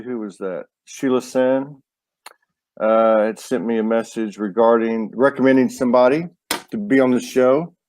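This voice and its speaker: A man hosting a live online show in a relaxed, teasing way, often stumbling and restarting his sentences. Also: fairly low pitch, no echo. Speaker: show host. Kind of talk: casual live-stream hosting.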